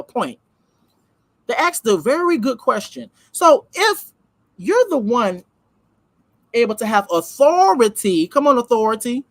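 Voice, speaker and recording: Woman, vlog commentary, reads a passage then riffs on it, lively swooping delivery, dry close sound. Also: medium pitch, no echo. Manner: emphatic and conversational, repeating key words and breaking off to address viewers. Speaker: host of a reaction channel. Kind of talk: commentary vlog, reading a text aloud and reacting.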